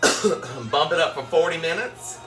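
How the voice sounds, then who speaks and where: Bright-voiced Southern woman with a twang. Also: low-pitched, lively intonation, measured pace, faint music behind. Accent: South Carolina Southern twang. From South Carolina, USA. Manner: chatty and folksy, laughs often, greets viewers warmly. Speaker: cooking livestream host. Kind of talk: casual chat while cooking live.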